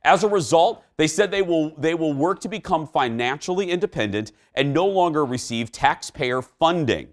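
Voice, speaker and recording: Animated male talk show host. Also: on the high side, normal speed, hardly any pauses. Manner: animated, fired-up and emphatic. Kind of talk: opinionated talk show chat.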